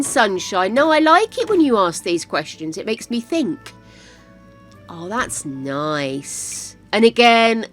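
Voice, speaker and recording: Older female streamer, chatty and excitable, unhurried delivery, faint music behind. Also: fairly high pitch. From United Kingdom. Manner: chatty, talks to viewers, easily excited. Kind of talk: casual live-stream chat while gaming.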